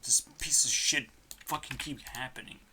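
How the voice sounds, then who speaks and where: A channel host at a home computer desk, delivering a frustrated rant full of swearing that swings between loud outbursts and quiet muttering. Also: mid-range voice, moderate pace, a little hiss or hum. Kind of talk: ranting vlog.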